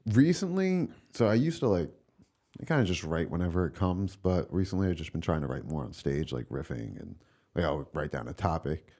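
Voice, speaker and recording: A young man from Long Island talks with a very low, deep voice. He rambles in a laid-back way as a comedian guest on a podcast, scattering fillers and swear words. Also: sing-song, fairly quick, warm tone. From Long Island, New York. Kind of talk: casual podcast chat.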